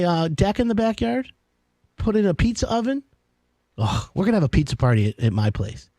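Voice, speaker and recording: Animated radio host man, dry studio sound. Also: high-pitched, no room sound. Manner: animated, chatty, jumps between excited and mock-grumbling asides. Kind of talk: lively radio talk.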